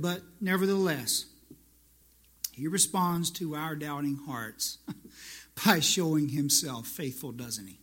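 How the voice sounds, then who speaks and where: Bright-voiced, high-pitched male pastor preaching. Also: takes it slowly, pauses often. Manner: conversational preaching, rising to emphatic repetition. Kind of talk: sermon.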